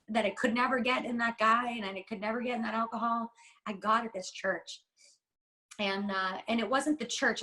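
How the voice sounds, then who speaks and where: A woman's voice: on the high side, a bit bright, low-quality recording. A woman from the United States, a podcast guest, talking candidly in an interview with a heartfelt, rambling and emphatic manner.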